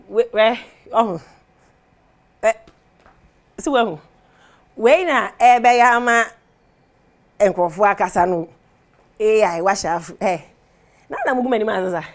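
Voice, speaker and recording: A woman with a Ghanaian accent hosting a TV entertainment segment, chatting animatedly and laughing as she switches languages. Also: mid-range voice. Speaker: TV show host. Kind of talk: casual entertainment commentary. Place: TV studio.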